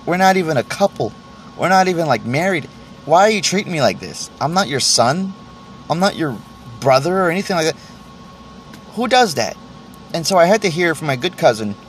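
A man's voice: fairly high pitch, big pitch swings, a little fast, slight background noise. A man hosting a solo podcast, venting in a rambling way, stammering through restarts and swearing freely. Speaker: podcast host.

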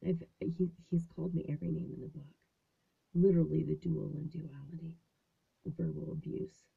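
A woman's voice: sits low, fairly even intonation, moderate pace, gravelly, slightly rough. A woman in her fifties telling a story in a casual, rambling way with many fillers and restarts, partly whispered, recorded in a small closet on a tinny, phone-like line. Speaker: vlogger.

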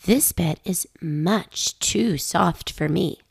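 A woman voicing a hungry, tired little girl in a storybook reading, speaking slowly and drawn-out. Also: on the low side, vocal fry, breathy edge, no room sound, heavily acted.

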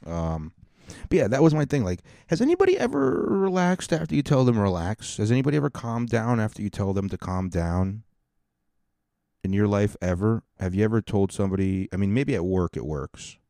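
A man's voice: on the low side, very animated, a little fast, gravelly, dark tone, no room sound, studio quality. A man in his thirties hosting a podcast, telling crude, rambling, comedic stories in a mocking tone. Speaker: podcast host. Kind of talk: casual comedic storytelling.

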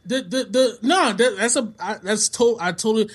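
Casual podcast co-host, man, high-pitched and animated, quick to laugh. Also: slightly rough. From half Bajan, family in Toronto. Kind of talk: casual chat.

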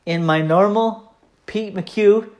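A man's voice: sits high, slow pace. A man with a Michigan accent hosting his own podcast, talking in a rambling, self-deprecating way with many fillers. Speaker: podcast host. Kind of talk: casual solo podcast monologue.

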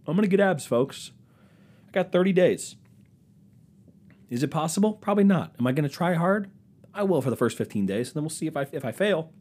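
Rambling, animated solo podcast guy. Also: medium pitch, slightly rough. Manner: rambling, self-mocking, jokey asides to imagined audience. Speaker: podcast host. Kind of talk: solo comedic podcast rant.

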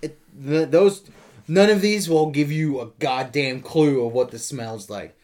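A man's voice: on the high side, unhurried, a little mellow. A man hosting a casual podcast with friends, rambling and acting out scenes he retells. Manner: rambling, acts out movie scenes in voices. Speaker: podcast host.

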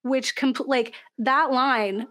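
Young woman, high voice, casual podcast chat, animated, laughs a lot, filler words. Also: slow pace. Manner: animated, laughs often, lots of likes and fillers.

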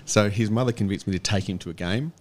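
A man's voice: fairly low pitch, fast, a little hiss or hum. An Australian man in his fifties, a guest musician, rambling through anecdotes and chuckling often in casual radio chat. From Canberra, Australia.

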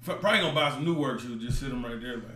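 A man's voice: mid-range voice, rapid-fire, a bit bright, reverberant. A man joking around in slangy casual banter as a podcast co-host. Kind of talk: casual chat.

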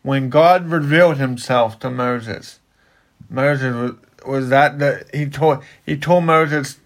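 Man, gravelly creaky voice, slow pace, casual bible teaching, halting restarts. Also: medium pitch, fairly even intonation. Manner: halting, repeats himself while building to a point. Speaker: Bible teacher and podcast co-host.

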